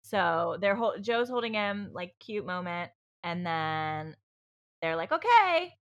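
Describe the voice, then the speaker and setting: A woman telling a personal story on a podcast in easy, candid chat. Her voice sits fairly low but rings bright and forward. She rambles, restarts her sentences and fills them with fillers, swearing freely as she goes. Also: fairly even intonation, slow. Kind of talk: casual chat.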